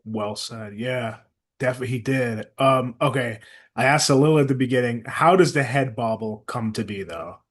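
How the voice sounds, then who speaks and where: A man hosting a podcast interview, asking relaxed questions and cheering his guest on with short replies. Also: mid-range voice, moderate pace. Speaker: podcast host. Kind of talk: casual interview.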